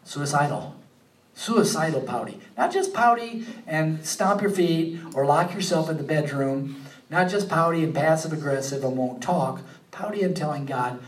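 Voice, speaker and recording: A man preaching a sermon, animated, rising to emphatic peaks and then dropping low and quiet. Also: measured pace, pauses often, roomy sound, distant mic, poor audio. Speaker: pastor.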